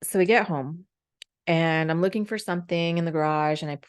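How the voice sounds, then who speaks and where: Low-voiced lady in her 40s, podcast host, candid and emotional, lots of um and like. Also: brisk, clean tone. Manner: candid, emotional, rambling with many fillers. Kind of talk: personal storytelling.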